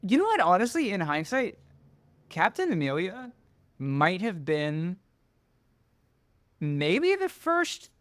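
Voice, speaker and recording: A man talking casually as a podcast guest, animated and full of asides. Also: high-pitched, slow pace, pauses often, no echo. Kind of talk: casual chat.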